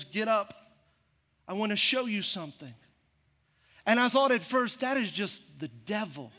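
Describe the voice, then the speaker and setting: A middle-aged male pastor with a high voice delivers a sermon as lively storytelling, acting out each part as he goes. His voice rings with the long reverb of a large hall.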